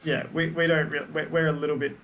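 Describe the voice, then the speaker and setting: A man's voice: fairly high pitch, flat delivery, quick pace, a bit bright, slight background noise. A man co-hosting a reaction video, chatting in an easygoing, rambling way. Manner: easygoing, rambling, laughs often. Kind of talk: casual chat.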